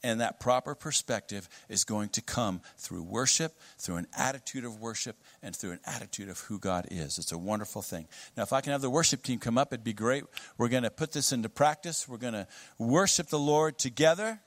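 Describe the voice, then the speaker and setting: A man's voice: mid-range voice, lively intonation, fairly quick, no room sound. A man preaching a sermon in a casual, conversational way with light humor. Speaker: guest preacher.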